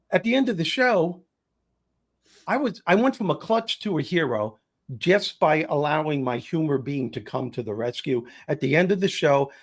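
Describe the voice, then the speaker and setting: A middle-aged man, a guest comedian telling stories in a casual chat with punchy comic delivery. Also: a little high.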